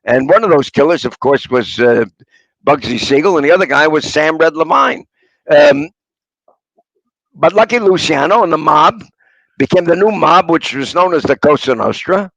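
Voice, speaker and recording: Gravelly older man telling stories. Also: on the high side, lively intonation, normal speed, fairly bright tone, no room sound, low-quality recording. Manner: rambling raconteur, punchline storyteller. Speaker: interviewee, author. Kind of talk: anecdotal storytelling.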